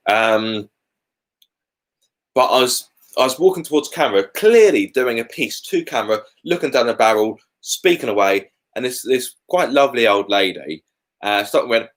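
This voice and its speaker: Animated British man chatting live. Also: medium pitch, normal speed. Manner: chatty, candid and animated, with colourful asides. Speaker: car YouTuber hosting a live Q&A. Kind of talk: casual live Q&A chat. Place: at home.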